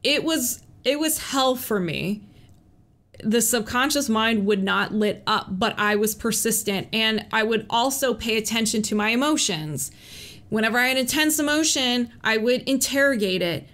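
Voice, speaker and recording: A woman who works as a police officer, talking candidly about recovery, earnest, with laughs between thoughts and calming phrases she repeats. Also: fairly high pitch, normal speed. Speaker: police officer sharing her recovery story. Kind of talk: personal advice vlog.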